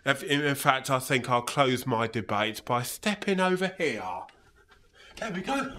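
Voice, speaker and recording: A man's voice: mid-range voice, animated, a little slow, sharp tone. A man playing a pompous, patronizing politician who sneers sarcastically and ends lines with "mate". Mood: smug. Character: smug pompous male left-wing politician, patronizing. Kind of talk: comedy sketch.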